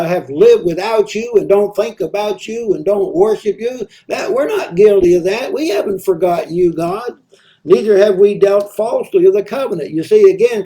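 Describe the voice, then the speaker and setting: A man's voice: high-pitched, warm tone. A man leading a midweek devotional, reading scripture aloud and explaining it in a conversational way with frequent hesitations and repeated words. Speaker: preacher. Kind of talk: midweek devotional Bible study.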